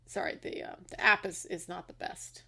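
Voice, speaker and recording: A woman co-hosting a film podcast, chatting casually and excitedly, laughing often and swearing freely. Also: moderate pace. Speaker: podcast co-host.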